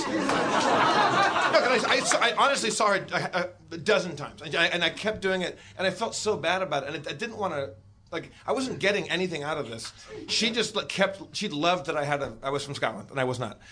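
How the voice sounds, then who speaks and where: A man guest telling a comic story, animated and full of stammering restarts. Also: high voice, a little fast, a crowd in the background, background noise. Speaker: podcast guest.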